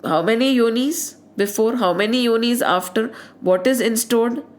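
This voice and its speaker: An Indian woman with a fairly high voice teaches scripture to her listeners. She slips Hindi words into her English and asks many rhetorical questions. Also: moderate pace. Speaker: spiritual teacher. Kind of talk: explaining scripture.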